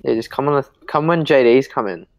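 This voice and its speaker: A man's voice: medium pitch, animated, brisk, gravelly, low-quality recording. A young man with an Australian accent, chatting casually with a friend while gaming. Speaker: gamer.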